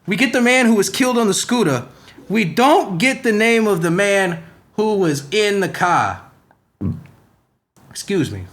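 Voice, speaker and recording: A man's voice: sits high, sing-song, a little slow, long pauses, a bit bright, pitched above the performer's own voice, full character voice. A man playing Spider-Man as a profane, rambling superhero in a comedy podcast rant, firing off rhetorical questions in a put-on accent that keeps slipping. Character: brash profane young male superhero, ranting.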